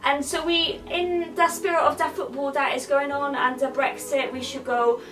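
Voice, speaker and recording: A woman's voice: sits high, little pitch movement, normal speed, low-quality recording. A woman hosting a comic show, bantering jokily and tacking "mate" onto her lines. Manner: jokey, tacks 'mate' onto lines. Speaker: show host. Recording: off-mic with loud music behind.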